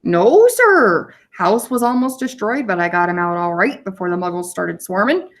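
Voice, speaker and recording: A woman voicing a big, shaggy, soft-hearted male groundskeeper with a rustic, stammering way of talking, read from a storybook. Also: medium pitch, sing-song, normal speed. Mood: earnest. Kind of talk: storybook reading aloud.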